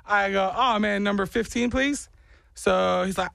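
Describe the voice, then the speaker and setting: Animated man telling a funny story. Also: sits high, unhurried, creaky, no echo, studio quality. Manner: animated, self-deprecating, slips into mock accents. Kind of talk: casual storytelling.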